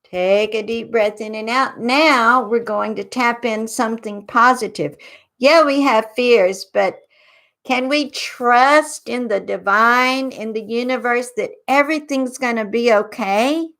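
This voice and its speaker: A woman hosts a psychic advice show, leading a guided tapping exercise. Her voice sits a little high, and her pace is slow and unhurried. She talks gently and asks the listener to repeat after her. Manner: slow, soothing guided instructions.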